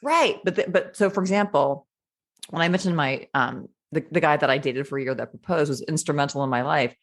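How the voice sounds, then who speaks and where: A woman with a notably low-pitched voice speaks as a podcast guest. She tells her story frankly and with animation, often acting out what she once said and thought. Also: fairly quick. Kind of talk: candid conversational storytelling.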